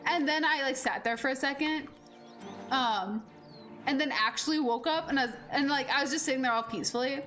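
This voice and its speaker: High-voiced young woman chatting while gaming. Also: a little fast, soft background music. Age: 20s. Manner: rambling and animated, heavy on fillers, swears freely. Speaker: game streamer. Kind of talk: casual gameplay chat.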